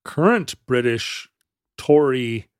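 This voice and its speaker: A man in middle range co-hosts a podcast, telling a history tale in a casual, meandering way. He pauses, restarts and hedges often, with a wry turn. The sound is dry and close, with no room around it. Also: medium pitch, expressive, no room sound. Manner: halting, many restarts and fillers, wry. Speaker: podcast co-host. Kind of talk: casual conversational storytelling.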